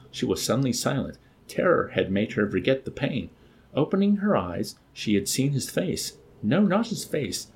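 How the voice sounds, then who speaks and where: A man narrating an audiobook with an expressive, dramatic reading. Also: mid-range voice, normal speed, slight background noise. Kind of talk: scripted narration.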